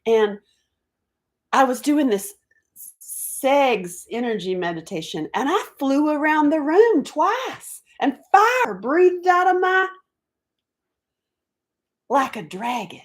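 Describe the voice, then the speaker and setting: A woman voicing her excitable older mother with a Southern accent, telling a wild story in a breathless, giddy way. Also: fairly high pitch, moderate pace, voice pushed up, close to an everyday voice.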